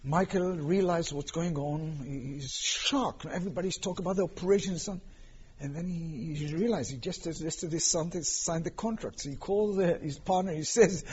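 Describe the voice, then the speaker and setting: A man telling a long story in a sermon, animated and acting out the characters' quotes. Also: on the high side, moderate pace, breathy edge. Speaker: rabbi lecturer. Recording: lo-fi dull recording.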